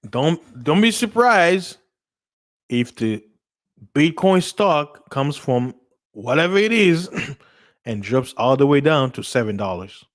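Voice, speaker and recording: Slow rambly guy doing a casual stream, keeps repeating himself. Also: medium pitch. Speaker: livestream host. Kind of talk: casual livestream chat.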